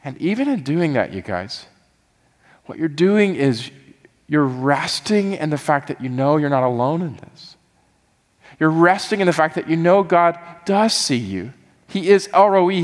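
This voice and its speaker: A man's voice: fairly high pitch, lively intonation, measured pace, big-room sound. A man preaching a sermon as pastor, earnest and building into fervent, pleading prayer.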